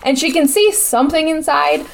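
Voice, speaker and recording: A woman's voice: high-pitched, normal speed, creaky, slight background noise. A woman hosting a podcast, recapping a bad movie in a casual, sarcastic and profane storytelling manner. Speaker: podcast host.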